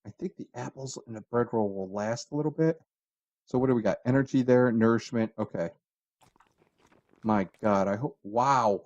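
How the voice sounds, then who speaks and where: A man giving a rambling, chatty let's-play commentary on a game, trailing off and restarting, with sudden excited jumps in pitch. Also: normal speed, lo-fi sound. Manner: excited bursts of high pitch at discoveries. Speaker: gaming channel host.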